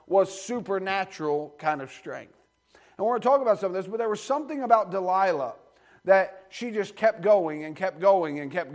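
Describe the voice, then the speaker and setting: A man delivers an earnest church sermon in a fairly high voice. He leans on repetition, circling back to key phrases to hammer them home. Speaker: pastor.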